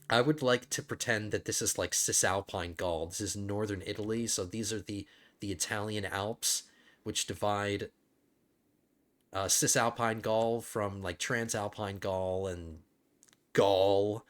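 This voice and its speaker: A man's voice: lowish voice, a little slow, a bit bright, faint music behind. A man hosting a let's play, thinking aloud in casual gameplay commentary, rambling with frequent restarts.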